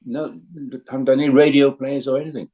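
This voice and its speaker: An older actor as a guest, chatting casually and telling anecdotes with lots of fillers and restarts. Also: male voice, medium pitch, level tone, fast, warm tone, poor audio. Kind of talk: casual interview chat.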